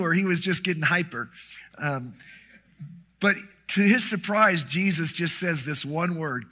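A middle-aged man preaching a sermon, telling a story with lively animation and acting out the quoted lines. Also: on the high side, normal speed. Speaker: pastor.

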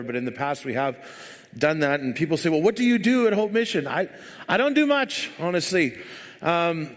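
High-voiced man preaching in a hall. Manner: rambling, joking, filler-heavy. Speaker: church speaker. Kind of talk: sermon with casual storytelling. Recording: long hall reverb.

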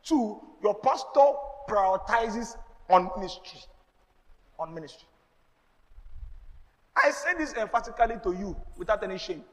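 A man's voice: high voice, animated, unhurried, pauses often, a bit bright. A man with a Nigerian accent, a pastor preaching a sermon with emphatic call-and-response to the congregation. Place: church. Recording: long reverb in a large hall.

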